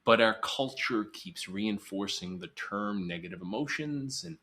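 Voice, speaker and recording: A man with a fairly low, bright, forward voice, speaking as a psychologist guest on a podcast. He explains ideas earnestly and emphatically. Now and then he slips into quoted voices to make a point. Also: expressive, measured pace. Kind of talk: podcast interview.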